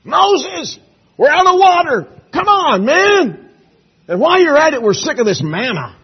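A man voicing a complaining Israelite in the wilderness, in a high, whiny voice. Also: very animated, unhurried, muffled recording, full character voice. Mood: whining.

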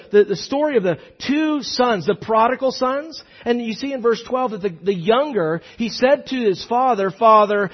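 Male preacher, high husky voice, dramatic dynamic sermon delivery, dull lo-fi recording. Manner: animated, swings from loud emphasis to hushed asides.

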